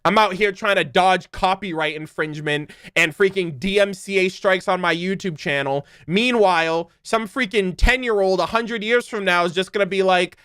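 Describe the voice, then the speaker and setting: High-voiced, joking young streamer man. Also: moderate pace, hardly any pauses, fairly bright tone, clear, resonant tone, dry recording, studio quality. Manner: rambling, joking, laughs often; swears casually. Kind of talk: casual livestream chat.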